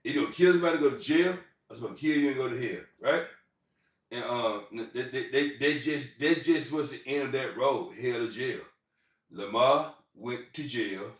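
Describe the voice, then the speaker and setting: A man telling rambling personal stories in a casual, profane way, often stumbling and restarting his sentences. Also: mid-range voice. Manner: halting, repetitive restarts and profanity. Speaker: vlogger. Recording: roomy sound, far from the mic.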